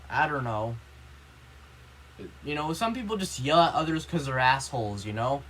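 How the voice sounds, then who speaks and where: A man's voice: medium pitch, animated, normal speed, fairly bright tone, poor audio. A young male vlogger speaks in a casual rant, earnest and upset. His speech rambles and is packed with "you know" and "like." A faint ambient hum sits under his voice.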